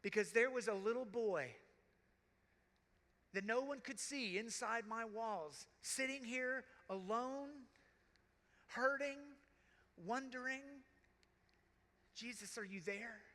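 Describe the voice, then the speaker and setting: A man preaches a keynote as a deacon, slow and deliberate with long, intense pauses. His voice is unusually high and bright, and long reverb from a big hall trails each phrase. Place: large conference hall. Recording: echoey large hall.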